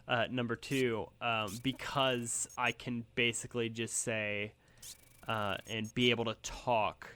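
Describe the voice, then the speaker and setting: A man's voice: fairly low pitch, bright, forceful tone, smooth. A man hosting a gaming channel, chatting casually over gameplay in a rambling, self-deprecating way full of ums and likes.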